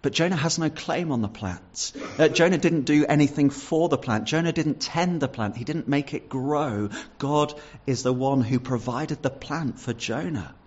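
A man's voice: fairly high pitch, normal speed, few pauses, a little mellow, lo-fi sound. A man preaching a sermon, reading Bible verses and explaining them earnestly, with some stumbles and repeated words. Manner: repeats words and restarts with fillers.

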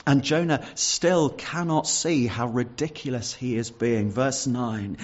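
A man's voice: medium pitch, a little slow, few pauses, dull audio. A man preaching a sermon, reading Bible verses and explaining them earnestly, with some stumbles and repeated words. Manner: repeats words and restarts with fillers.

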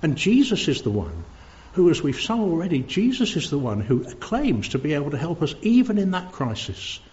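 A man's voice: on the high side, wildly swooping pitch, moderate pace, darkish tone. A man preaching a sermon at a church service, earnest, stumbling over repeated words when stressed. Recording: dull lo-fi recording.

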